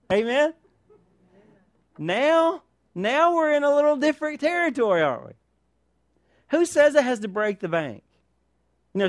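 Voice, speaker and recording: A male pastor preaches a sermon in a high, lively voice that swoops up and down, constantly firing rhetorical questions and calling for an amen. The sound is close and dry, without echo.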